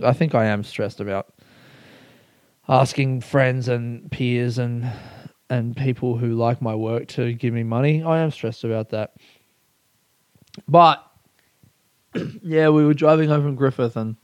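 A man's voice: mid-range voice, clean tone, no room sound, clean studio sound. A young man hosting a solo podcast, rambling candidly, swearing freely and laughing at himself. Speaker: podcast host.

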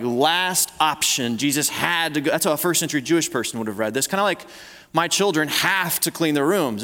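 A man in the middle of a sermon, talking in a relaxed, conversational way that often stops and restarts. His mid-pitched voice carries a long reverb from the church hall around him. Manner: conversational, with frequent restarts and repeated words. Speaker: pastor. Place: church sanctuary.

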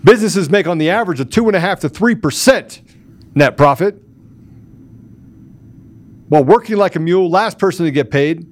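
A man's voice: high voice, animated, normal speed, pauses often, no echo. Angry ranting male podcast host. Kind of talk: heated political commentary.

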